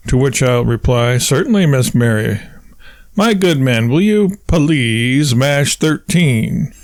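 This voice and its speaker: A man's voice: mid-range voice, animated, takes it slowly, dry recording. A man voicing a pompous, long-winded husband who lectures his wife in a wordy, self-satisfied way.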